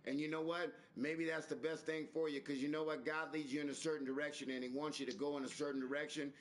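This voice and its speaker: A man hosting a live stream, talking in a preachy, repetitive, animated way with some swearing. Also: on the high side, quick pace. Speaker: stream host. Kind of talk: casual live-stream chat.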